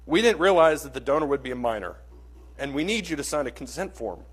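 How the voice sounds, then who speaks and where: A man voicing a solemn older male doctor in a spoken story, quiet and hushed, with a slightly husky voice. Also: mid-range voice, animated, fast.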